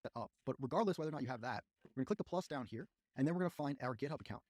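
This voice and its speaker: A man's voice: medium pitch, expressive, rapid-fire, a little mellow. A man giving step-by-step instructions in a coding tutorial. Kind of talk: scripted tutorial narration.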